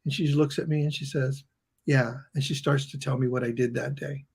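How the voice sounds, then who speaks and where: A man's voice: mid-range voice, a little fast, creaky, breathy edge. A middle-aged man, a guest coach and author, telling a story in conversation and acting out the people in it. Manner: animated, acts out the people in his stories.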